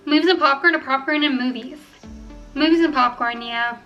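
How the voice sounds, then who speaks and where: A young woman chatting casually to camera at home, rambling and filling pauses with ums as she weighs each choice. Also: high voice, pushed and bright, lo-fi sound, faint music behind. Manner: chatty, rambling, filler-heavy. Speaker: vlogger. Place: home room.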